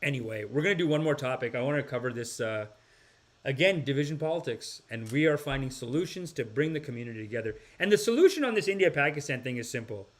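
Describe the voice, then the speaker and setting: A fast-talking podcast host with a medium-pitched voice and lively intonation reads viewer comments. He rambles along with sighs and restarts, sometimes breaking into impressions.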